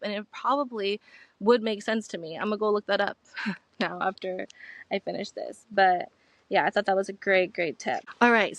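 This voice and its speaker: A young woman hosts her own show in a casual, rambling monologue, chatting her way through a story. Her voice sits a little high, and the sound is dry with no room echo. She records outdoors, seated on a rock at the end of a hiking trail. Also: fairly bright tone. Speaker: podcast host.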